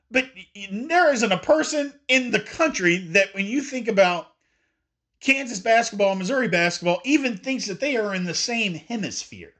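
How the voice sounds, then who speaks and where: A man's voice: sits high, sharp tone. A man from Indiana hosting a sports talk show, giving emphatic opinions and now and then putting on voices to mock fans. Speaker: sports podcast host.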